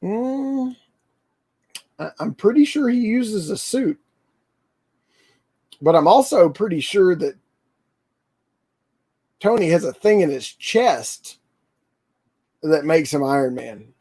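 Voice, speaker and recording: A man hosting a casual livestream, talking in a rambling, excitable way with lots of fillers. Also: sits high, slow, long pauses, breathy edge. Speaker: toy channel livestream host.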